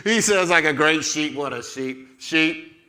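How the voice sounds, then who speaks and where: Male children's leader, slow and playful, coaching young actors through a Bible skit. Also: fairly high pitch, pushed and bright. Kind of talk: playful Bible storytelling with kids acting.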